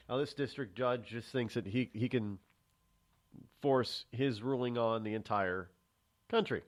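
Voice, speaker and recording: A man hosting a talk show, chatting and then giving his own opinions on the news. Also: mid-range voice. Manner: halting restarts, then forceful opinions on the news. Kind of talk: casual talk radio commentary.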